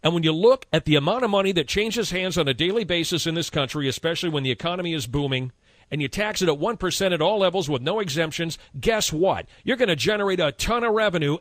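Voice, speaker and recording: A male radio talk host delivers a heated, indignant on-air rant, repeating his points emphatically and passionately. His voice is high, and the recording is clean studio sound with no echo.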